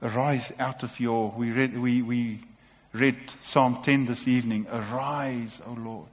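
A man's voice: medium pitch, fairly even intonation, unhurried, slightly rough, in a large hall. A man preaching a sermon to a congregation, impassioned and repeating short calls to take courage.

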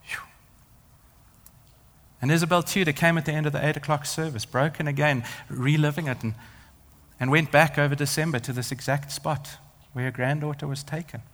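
A man's voice: a little high, fairly even intonation, normal speed, long pauses, fairly bright tone. A man preaching a sermon as pastor, with an emphatic, building cadence and repeated phrases. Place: church. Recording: long hall reverb.

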